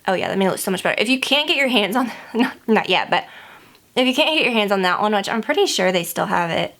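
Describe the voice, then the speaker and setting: A woman talks straight to the camera while she does her makeup, gossiping in a casual, rambling way. Her voice sits at an ordinary middle pitch. She scatters "like" and "you know" through every sentence. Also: expressive, fast, fairly bright tone. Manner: chatty and rambling, heavy use of "like". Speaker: beauty vlogger.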